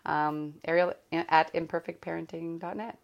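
Podcast host, woman, low gravelly voice, rambling and candid, loose casual chat. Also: little pitch movement, normal speed, muffled recording. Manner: rambling, self-correcting, candid.

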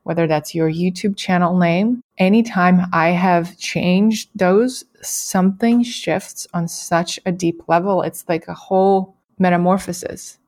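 A woman hosting an interview, speaking in a measured, reflective way and asking thoughtful questions. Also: fairly low pitch, darkish tone. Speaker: podcast host.

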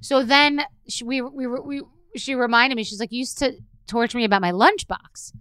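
Mom telling stories on a podcast, bright crisp voice, dry close sound, gets loud acting out quotes. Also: female voice, on the high side, normal speed, no room sound. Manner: chatty, animated, acts out quoted lines loudly. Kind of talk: casual storytelling.

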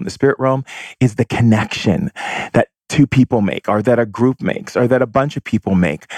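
A man's voice: on the low side, darkish tone, no echo. A man giving a spiritual monologue, effusive and breezy, full of "like" and "you know", breaking into whooping exclamations. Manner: heavy use of "like" and "you know". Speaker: spiritual teacher.

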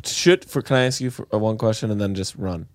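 A man's voice: on the low side, quick pace, dry recording. Blunt, joking podcast co-host man. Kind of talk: comedic advice podcast chat.

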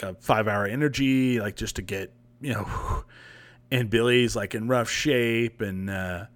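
A young man hosting a podcast livestream, telling a long story in a rambling, profane, casual way. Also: mid-range voice. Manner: rambling, profane, animated retelling. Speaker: podcast host.

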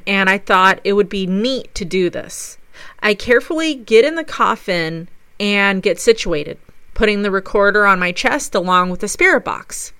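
Bright-voiced woman telling ghost stories. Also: mid-range voice, smooth, no room sound. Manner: enthusiastic storytelling. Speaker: paranormal investigator. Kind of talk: narrated recap of a ghost investigation.

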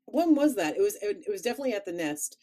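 A woman with a Chicago accent, chatting casually as a podcast co-host, animated and quick to laugh. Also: mid-range voice. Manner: animated, laughs often, playful. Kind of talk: casual chat.

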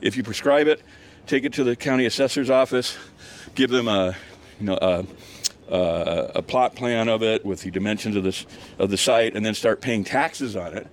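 At a moderate pace and in a lowish voice, an older man tells a rambling outdoor story while walking on a hillside, with a little hiss or hum in the background. A guest storyteller, he restarts often, uses many fillers, and laughs a lot.

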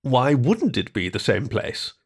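A man voicing a grumpy, sarcastic male bear elemental in a storybook reading, speaking slowly and dryly. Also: mid-range voice, big pitch swings, slightly rough. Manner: dry, sarcastic, slow and deliberate.

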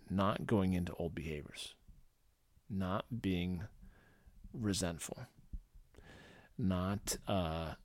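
A man's voice: lowish voice, dry recording, studio quality. A man from St. Louis hosting a casual solo podcast, talking loosely with many fillers and acting out quotes. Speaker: podcast host.

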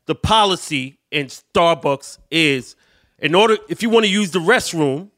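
A man's voice: a little high, expressive, unhurried, a bit bright, no room sound, studio quality. A man co-hosting a podcast, chatting casually in a laid-back, slangy way. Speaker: podcast co-host. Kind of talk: casual chat.

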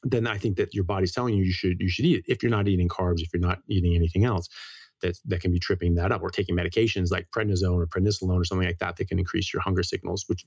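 A man's voice: on the low side, no echo. A middle-aged man speaking as a doctor in a casual interview, telling stories at speed and often repeating words as he restarts his phrases. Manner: lively storyteller. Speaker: guest, medical doctor.

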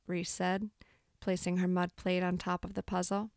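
A woman narrating a literary short story in a calm, even storytelling manner, lightly voicing the characters' dialogue. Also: fairly low pitch, normal speed, vocal fry, smooth, no echo, clean studio sound.

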